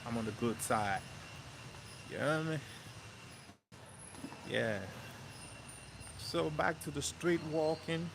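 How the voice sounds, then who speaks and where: A man vlogging as he walks outdoors through a city neighborhood, telling stories in a relaxed, chatty way with plenty of slang and repeated phrases. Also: a little high, slow, gravelly, pauses often. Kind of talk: casual storytelling walk-and-talk. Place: outdoors on a city street, walking. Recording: street traffic noise behind.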